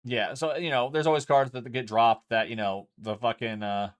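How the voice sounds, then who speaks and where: Streaming from home, a man chats loosely about a card game and explains how it works, swearing freely as he plays. His voice sits at a medium pitch with fairly even intonation, and he moves at a moderate pace.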